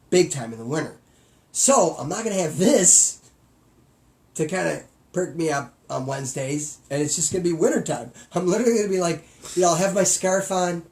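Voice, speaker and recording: A middle-aged man co-hosting a podcast, chatting in an excitable, goofy way. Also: on the high side. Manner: excitable, goofy, prone to playful voices. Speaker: podcast co-host. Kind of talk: casual comedic banter.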